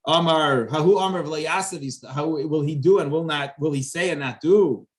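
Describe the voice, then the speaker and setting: A man, a rabbi, teaching a casual Torah class, acting out the dialogue of the verses with lively voices. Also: moderate pace. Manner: animated, acts out the dialogue of the verses with rising pitch.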